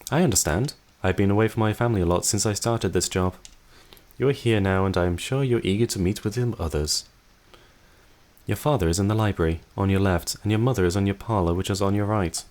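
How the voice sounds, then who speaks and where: A man's voice: fairly low pitch, a little fast, darkish tone, close to an everyday voice. A man voicing a polite, eager young housemaid in a mystery game, speaking formally and a little raised from his usual voice.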